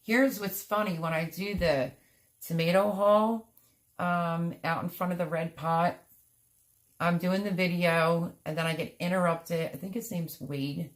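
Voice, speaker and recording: This Pennsylvania woman, middle-aged and tired-sounding, runs a gardening livestream where she casually chats and responds to comments. Her fairly low voice stays steady and measured as she rambles, dropping in lots of fillers and restarts.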